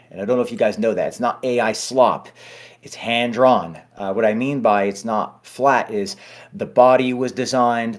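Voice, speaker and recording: A man with a fairly low voice hosts a casual livestream AMA. He talks in an upbeat, chatty way, reassuring viewers as he works through their questions.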